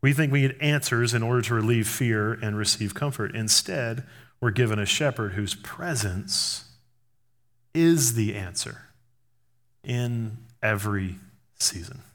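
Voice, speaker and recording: Male preacher, sermon, lively and chatty, mid pitch. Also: measured pace. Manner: animated and conversational, acts out little scenes.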